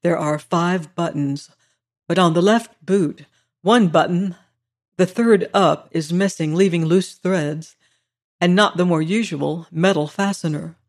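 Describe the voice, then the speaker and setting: A reader voicing a deferential male butler who speaks in a measured, exact and formal way. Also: medium pitch, close to an everyday voice.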